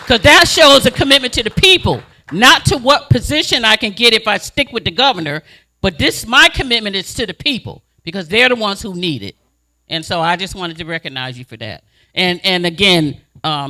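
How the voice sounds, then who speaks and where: A woman advocate speaks at a community meeting with a very bright, cutting tone. She tells her stories with animated, blunt emphasis. She keeps pressing her points hard. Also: lowish voice. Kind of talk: impassioned speech at a community meeting.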